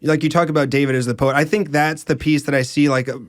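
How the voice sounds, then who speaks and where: A man co-hosting a casual podcast, mostly listening and answering with quick affirming replies. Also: fairly high pitch, steady tone, dry recording, studio quality. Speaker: podcast co-host.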